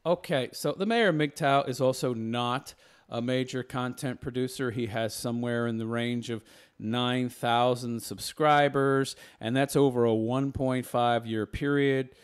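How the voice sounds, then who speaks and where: A man talks through a point-by-point rebuttal in an argumentative commentary style. His voice is smooth and clear, sitting at a middling pitch. He explains things in a lecturing way. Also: steady tone, a little slow.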